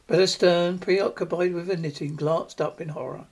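Halting man reading a story aloud. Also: high voice, steady tone, darkish tone, breathy edge. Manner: halting, with frequent stumbles and restarts. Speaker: reader.

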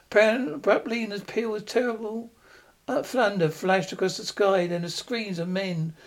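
Male storyteller, high-pitched, dramatic reading. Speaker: narrator. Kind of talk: storytelling narration.

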